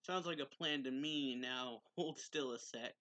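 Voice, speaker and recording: A man's voice: medium pitch, a little slow, bright, forceful tone. A man voicing a brash, teasing young male fighter from a manga, with a casual mocking manner.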